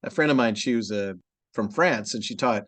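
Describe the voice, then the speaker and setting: A man's voice: on the low side, brisk, no echo. A man from Texas, a voice actor, telling anecdotes in a casual interview. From Texas, USA. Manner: animated anecdotal storytelling. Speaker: voice actor guest.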